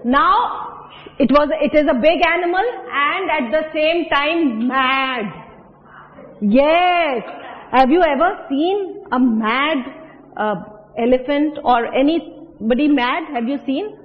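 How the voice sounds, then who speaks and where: A woman's voice: high-pitched, takes it slowly. A woman teacher with an Indian accent explaining English words to pupils, asking them questions and mixing in Hindi. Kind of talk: classroom English lesson. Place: classroom. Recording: dull echoey classroom recording.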